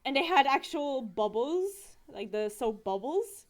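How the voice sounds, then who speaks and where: A woman giving a casual live-stream recap, animated and giggly, with frequent fillers. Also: sits high, a little slow.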